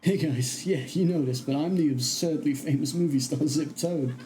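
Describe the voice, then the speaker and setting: A man's voice: a little high, moderate pace, mellow, soft background music, lightly acted. A man voicing a boastful, smug male movie star who brags about his fame. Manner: smug, bragging.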